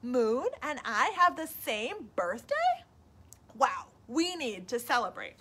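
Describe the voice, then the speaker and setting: Woman putting on a curious storybook bear, eager, bright and high, swooping excitedly. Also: slow pace, breathy edge, full character voice. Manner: excited, wondering.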